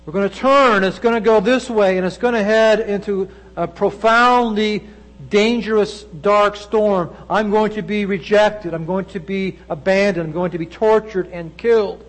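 A man preaching a sermon, with dramatic delivery that swings between loud emphasis and hushed low asides. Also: steady tone, normal speed, poor audio.

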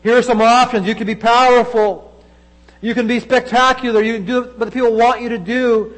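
A man preaching a sermon, with dramatic delivery that swings between loud emphasis and hushed low asides. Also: fairly even intonation, a little fast, poor audio.

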